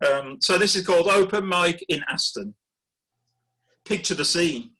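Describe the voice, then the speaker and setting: A man reading comic rhyming poetry in a deadpan, wry way over a video call. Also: high-pitched, unhurried, low-quality recording. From Birmingham, England. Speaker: performance poet.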